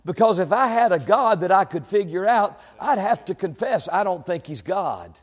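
A male preacher delivering a sermon, swinging between quiet, conversational asides and loud, shouted proclamations. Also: sits high, lively intonation, moderate pace, in a large hall.

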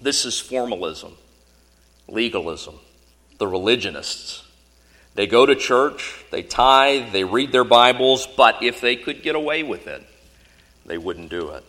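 A man delivers an earnest sermon, pressing his listeners with question after question. His voice is bright and forceful, and it carries a long reverb from a large hall. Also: medium pitch, expressive, a little slow. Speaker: preacher.

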